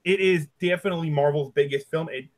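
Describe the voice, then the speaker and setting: A man hosting a casual podcast discussion, talking in halting bursts with restarts and casual cursing. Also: on the high side. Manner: halting, lots of ums and restarts, curses casually. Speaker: podcast host. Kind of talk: casual chat.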